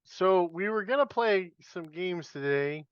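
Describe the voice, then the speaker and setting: A man's voice: high-pitched, expressive, a little slow, smooth, dry recording, highs cut off. A man hosting a podcast, leading casual wrestling chat and laughing easily. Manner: leads questions, laughs easily. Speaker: podcast host.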